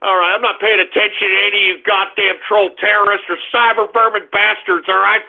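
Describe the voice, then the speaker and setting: A high-pitched, gravelly man rants on his talk radio show, swearing and snapping at trolls before launching into politics. His voice is husky and rough. The sound is thin and tinny, like a phone line. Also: little pitch movement, brisk. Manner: ranting, profane, combative, shouting at trolls.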